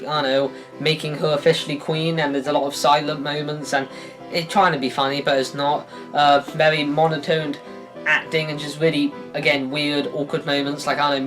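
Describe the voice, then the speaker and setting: A man reviewing films in a casual, rambling way, often sighing, restarting his sentences and adding sarcastic asides. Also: on the high side. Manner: rambling, self-interrupting, sighs, sarcastic asides. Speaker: film reviewer.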